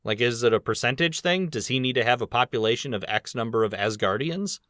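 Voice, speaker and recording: A man's voice: mid-range voice, animated, a bit bright, dry recording. Chatty male podcast host, dry sound. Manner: chatty, rambling, quick laughs. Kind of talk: casual podcast chat.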